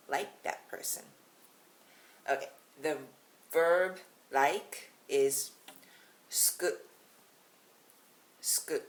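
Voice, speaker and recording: A Japanese woman with a Japanese accent teaches a casual video lesson as a language teacher, chatty, giggly, and self-deprecating. Her voice is bass-deep and creaky, and the recording is rough.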